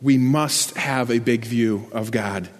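A male preacher delivers an earnest sermon, explaining scripture and pressing key words with rising emphasis. His voice sits at an ordinary middle pitch. Long reverb trails behind him, as in a large hall. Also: slow.

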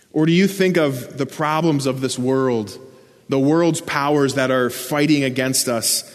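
A man preaching a sermon, earnest and explanatory, lifting his voice to stress key words. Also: medium pitch. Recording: long church reverb.

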